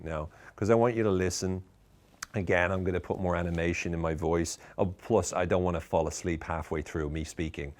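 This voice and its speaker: A man with a very deep voice delivers a tongue-in-cheek lesson straight to camera. His delivery is lively and emphatic, laced with dry irony. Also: fairly quick. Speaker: speaker teaching communication skills.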